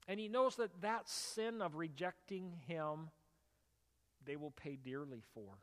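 A male pastor with a fairly high voice delivers a sermon in a large reverberant hall. His storytelling is animated, and it swells into loud, emphatic bursts before settling back down. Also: a little slow.

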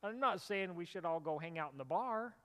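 Male pastor, high register, animated sermon with loud emphatic peaks, long hall reverb. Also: brisk. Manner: animated storytelling, rising to loud emphatic bursts.

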